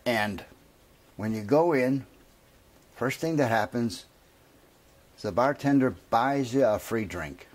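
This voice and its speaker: A man's voice: mid-range voice, animated, slow, pauses often. A man voicing a naive, earnest traveler from Cleveland describing his tavern.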